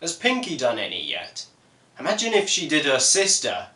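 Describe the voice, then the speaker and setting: Man, exasperated reaction commentary, lively pitch, echoey room. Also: moderate pace. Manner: exasperated, questioning.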